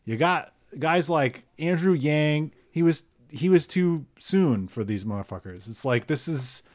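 A man's voice: fairly high pitch, animated, a little mellow. Wry man laying out a thesis. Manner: wry, building an argument, drops into quick asides. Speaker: podcast guest. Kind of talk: casual chat.

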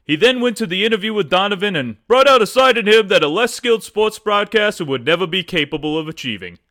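A man's voice: high-pitched, expressive, quick pace, sharp tone. A man with a put-on New Jersey accent, reading a comic story aloud in a dramatic storytelling manner.

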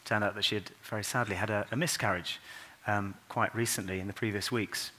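A man preaches at Christmas in church, his fairly low voice holding a fairly even intonation. He is earnest and unhurried, turning soft and quiet when the words grow tender.

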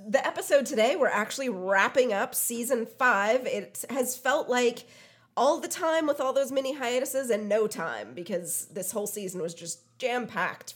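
A woman co-hosting a podcast, with playful, quick banter. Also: a little high, slightly rough. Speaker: podcast co-host. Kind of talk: casual chat.

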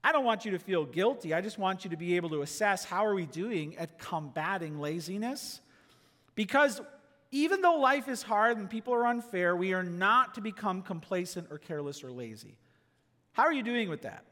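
Male pastor, high and lively voice, preaching with rhetorical questions, long hall reverb. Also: moderate pace. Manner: animated preaching, rhetorical questions, drops soft for quoted asides. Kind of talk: sermon. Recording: long echo of a large hall.

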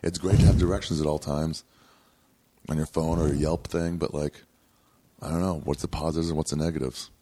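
A man's voice: very deep voice, fairly even intonation, fairly quick, mellow. A man chatting casually as a podcast guest in a rented house, rambling through stories and mimicking the people he quotes. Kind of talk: casual chat.

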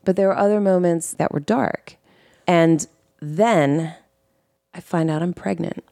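A woman with a low, deep-set voice tells her own story on a podcast, earnest and emotional, catching and restarting her sentences. The sound is close and dry, with no room around it. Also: creaky, mellow, no echo. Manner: earnest and emotional, with quick self-corrections and restarts. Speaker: guest host telling her life story. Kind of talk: candid personal storytelling on a podcast.

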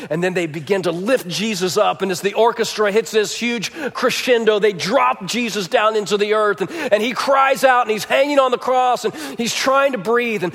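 Male pastor, high voice, storytelling sermon that swings from hushed to emphatic, heard in a reverberant church. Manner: storytelling, voice dropping quiet for somber moments.

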